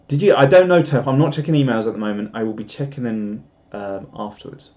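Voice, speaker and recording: A man's voice: mid-range voice, quick pace, few pauses, a little mellow, muffled recording. A man rambling casually on a live stream, laughing at himself. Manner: rambling, self-mocking, laughs often.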